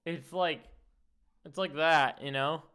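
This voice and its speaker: A man's voice: fairly high pitch, steady tone, takes it slowly, sharp tone, smooth. A young man streaming live, reacting to videos with profane, disgusted outbursts and casual chatter.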